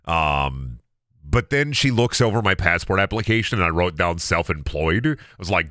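A man in his thirties chats on a game stream, his low voice swinging widely up and down as he rambles through a story. He stammers and restarts, breaks into loud laughter, and sounds bright and forceful. He is close on a dry desk mic with no room sound. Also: lively intonation, moderate pace, no echo. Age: 30s. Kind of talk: casual chat on a gaming stream.

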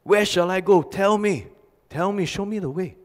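A man's voice: high voice, moderate pace, voice pushed up, close to an everyday voice. A pastor voicing an agitated, desperate migrant man who pleads to be shown the way, his questions tumbling out. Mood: desperate pleading. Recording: long church reverb.

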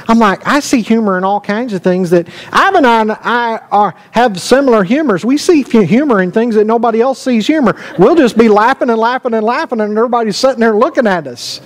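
A man's voice: very high voice, fairly quick, few pauses, low-quality recording. A man, a pastor, preaching a conversational sermon, telling anecdotes with quoted dialogue and reading scripture aloud. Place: church sanctuary.

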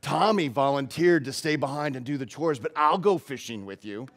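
A man's voice: medium pitch, moderate pace, natural voice. A man voicing a sly preteen girl who blackmails her brother, in a sermon story.

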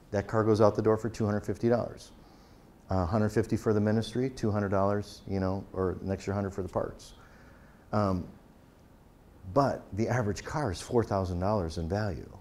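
A man's voice: fairly low pitch, fairly even intonation, moderate pace, a little mellow, slight background noise. A man speaking as a pastor, giving a conversational talk and acting out the quoted exchanges in his stories. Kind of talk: conference talk.

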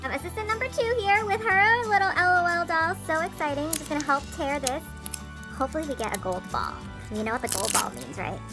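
Very high-pitched gushing toy-unboxing woman. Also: brisk. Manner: gushing, gasping, sing-song baby talk to toys. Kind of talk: excited toy unboxing chat. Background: background music.

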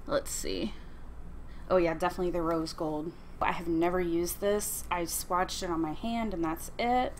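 A woman's voice: fairly low pitch, steady tone, moderate pace, slight background noise. A woman in her thirties chatting casually while doing her makeup, rambling with fillers, with a slight lisp. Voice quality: slight lisp from a sore tongue. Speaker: beauty vlogger. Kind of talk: casual get-ready-with-me chat.

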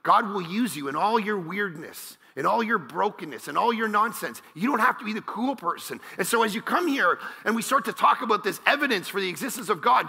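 High, bright-voiced male preacher. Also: vocal fry, breathy edge, in a large hall. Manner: energetic and joking, bursts into shouts. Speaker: pastor. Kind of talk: sermon. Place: large church auditorium.

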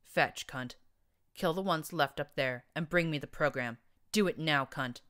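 A huge metal-armored monster stallion, put on by a woman reading aloud in an audiobook. His voice grates, low and deep, every word crude and menacing. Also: moderate pace, fairly bright tone. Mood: impatient, bellowing.

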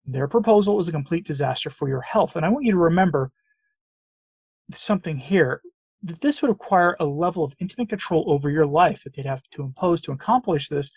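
A middle-aged man from the United States with a husky, slightly high voice hosts his own commentary show. He reads out news quotes and answers them with emphatic sarcasm and repeated phrases. His voice sounds dry and close. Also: animated, fairly quick, darkish tone, no echo. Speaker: commentary channel host.

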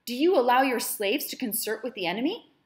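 A cruel, enraged mistress of a household, as a woman reading a storybook puts her on, shrieking high and loud at her servant. Her voice climbs sharply and cracks with rage, every line flung out at full force. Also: lively intonation, a little fast, natural voice. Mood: furious. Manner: shrill, shouting, furious.

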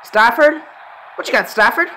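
A man's voice: very high voice, lively intonation, normal speed, pushed and bright, a little hiss or hum. A young man reacting live to a football game, swearing and exasperated, ending nearly every phrase with "bro". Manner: profane, exasperated, says "bro" constantly. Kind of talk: live sports reaction commentary.

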